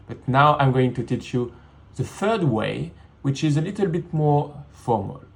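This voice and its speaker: Male teacher, slow and deliberate, beginner lesson from a home studio. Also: medium pitch, darkish tone. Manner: slow, repeats words in English and French. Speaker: French teacher.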